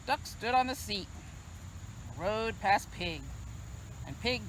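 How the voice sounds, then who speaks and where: A librarian reading a picture book aloud to children in an expressive, sing-song storytelling manner. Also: female voice, mid-range voice, slow pace, slight background noise, rough recording. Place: library video recording.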